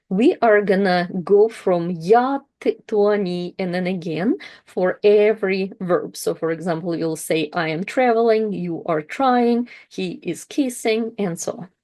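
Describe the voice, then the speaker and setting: A woman teaching a language lesson, patiently explaining verbs and repeating each word slowly for practice. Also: mid-range voice, darkish tone.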